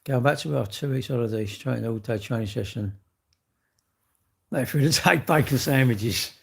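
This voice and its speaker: A man's voice: medium pitch, normal speed, vocal fry, husky. A man in his sixties, chatting casually on a live stream with viewers, cheeky and bantering with the odd swear word. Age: 60s. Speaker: livestream host.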